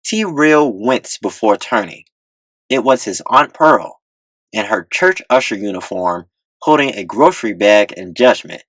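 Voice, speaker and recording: A man narrating a comedy audiobook with deadpan comic timing on a close mic. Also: on the low side, unhurried, no room sound.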